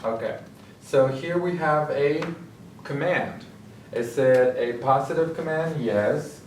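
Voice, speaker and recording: A man's voice: a little high, slow. A man explaining grammar step by step in a recorded lesson as a tutor, often checking in with "okay?". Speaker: Spanish tutor. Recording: echoey room, mic at a distance, faint hiss.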